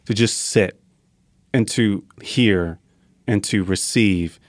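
A man, a podcast guest, telling lively anecdotes in a conversational way and acting out the lines of people in his stories. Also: fairly low pitch, slow, no echo. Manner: lively anecdotal storyteller, acting out quoted dialogue. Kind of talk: conversational storytelling.

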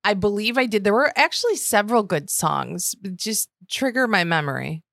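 A woman's voice: mid-range voice, moderate pace, creaky, dry recording, studio quality. A woman co-hosting a podcast in casual chat, gushing and exaggerating for effect. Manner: gushing, expressive, fond of dramatic exaggeration. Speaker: podcast co-host.

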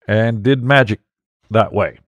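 A man's voice: lowish voice, measured pace, fairly bright tone, no echo. A man hosting a podcast, chatting casually and hesitantly, with many fillers and the odd chuckle. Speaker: podcast host.

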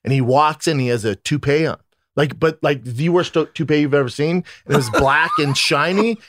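A man's voice: a little high, fairly quick, no room sound, clean studio sound. A man co-hosting a podcast, telling profane stories in casual chat. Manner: loud, profane storyteller. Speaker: podcast co-host.

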